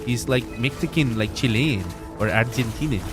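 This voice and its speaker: Excitable slangy young man streaming. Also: mid-range voice, moderate pace, music in the background. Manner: loose, excitable, slangy, chatting to viewers. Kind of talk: casual live-stream chat.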